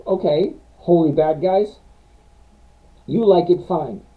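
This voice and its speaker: On a casual live stream, a stock-trading host answers viewers' stock questions and reads numbers off charts in a blunt, meandering style. His voice sits on the high side and moves at a slow pace, with tinny, phone-like recording quality.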